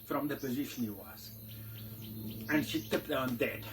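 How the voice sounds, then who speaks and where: A man who works as a tour guide telling a comic story, animated, dropping to hushed tones for suspense. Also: mid-range voice, a little slow, background noise.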